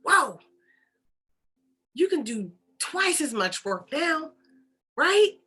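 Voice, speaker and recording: A woman voicing God as a calm, patient male deity who gives quiet, unhurried commands. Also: high voice, pitched above the performer's own voice, full character voice. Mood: gently insistent.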